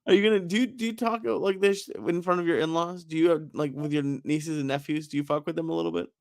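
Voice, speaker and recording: A man's voice: a little high, fairly even intonation, quick pace, gravelly, dry recording, studio quality. A man co-hosting a podcast, reacting with amusement and asking follow-up questions in casual chat. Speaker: podcast co-host.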